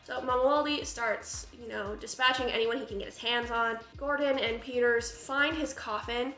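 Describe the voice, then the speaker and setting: A woman's voice: fairly high pitch, steady tone, normal speed, bright, forceful tone. A woman reviewing a horror film in a gushing, chatty vlog style, full of fillers. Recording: echoey room with faint music.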